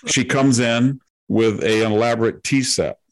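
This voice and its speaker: A man co-hosting a podcast who tells a long personal story in a measured, conversational way. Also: mid-range voice. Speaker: podcast co-host.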